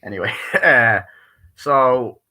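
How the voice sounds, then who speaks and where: A man rambling through a casual live-stream movie review, swearing constantly and breaking into quick bits of acted-out dialogue. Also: medium pitch, bright, forceful tone. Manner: acts out dialogue in quick bursts.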